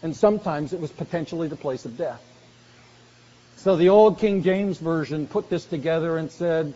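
A man preaching a sermon earnestly, slowing down for emphasis and dropping soft on key phrases. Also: fairly high pitch. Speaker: pastor. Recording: dull lo-fi recording in a reverberant hall.

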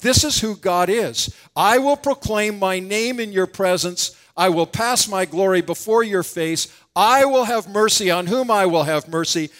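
A man with a high, light voice delivers an earnest expository sermon. He walks through scripture and lifts his voice when he acts out quoted pleas. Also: a bit bright. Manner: earnest expository preaching, acting out quoted lines with rising voice. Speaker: preacher.

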